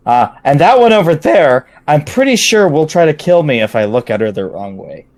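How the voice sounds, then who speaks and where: A man speaks in character during a tabletop game, tripping over his words as he goes. His pitch swings widely up and down, which gives his talk a bouncy, animated feel. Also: moderate pace, no room sound. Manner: stammering, animated. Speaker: player.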